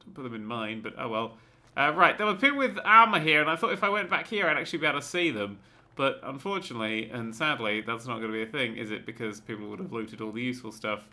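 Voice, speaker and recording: A man talking over his gameplay in a casual let's play, full of jokes, swearing and rambling tangents. His pitch leaps around constantly. The tone is sharp and very bright. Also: expressive, fast. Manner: joking, swearing, rambling asides. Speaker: gaming channel host.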